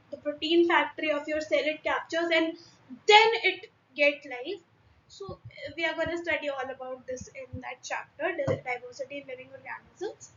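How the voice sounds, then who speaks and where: A woman's voice: sits high, a bit bright, a little hiss or hum. A young woman with an Indian English accent teaching a biology class online, explaining diagrams with frequent fillers and restarts. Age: young adult. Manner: hesitant, many fillers and restarts. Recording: echoey room, dull lo-fi sound.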